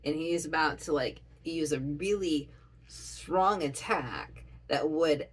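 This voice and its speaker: Excitable husky-voiced woman reacting. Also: sits low, slow pace, low-quality recording. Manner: excitable, gushing fan talk. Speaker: anime reaction vlogger. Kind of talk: casual reaction commentary.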